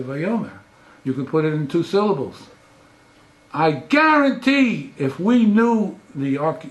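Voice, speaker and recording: Older man lecturing, high voice, lively swooping pitch, emphatic, echoey lecture room. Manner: animated, emphatic, rhetorical questions. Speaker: professor giving a lecture. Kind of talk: classroom lecture with questions. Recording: roomy echo.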